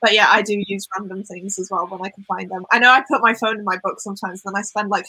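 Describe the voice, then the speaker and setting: Bright, husky Welsh woman chatting. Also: medium pitch, steady tone, quick pace, few pauses, no echo, low-quality recording. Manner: chatty, giggly, says "like" a lot. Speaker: booktuber co-host. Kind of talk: casual chat on a live stream.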